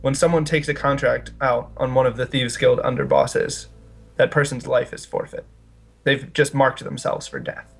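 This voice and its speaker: Gravelly man playing a tabletop game. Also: medium pitch, steady tone, normal speed. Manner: casual, rambling, with fillers and restarts. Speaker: player. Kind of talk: casual tabletop role-play.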